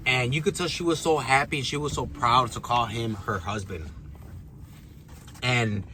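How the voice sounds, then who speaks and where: Bright-voiced man chatting while eating. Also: mid-range voice, a little hiss or hum. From Chicago. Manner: relaxed, chatty, eating between lines. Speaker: vlogger. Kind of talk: casual mukbang vlog. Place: parked truck.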